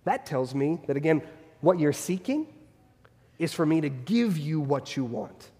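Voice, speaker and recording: A man's voice: fairly high pitch, sing-song, unhurried, dark tone, big-room sound. A man preaching a sermon as pastor, earnest and fond of repeated rhetorical questions.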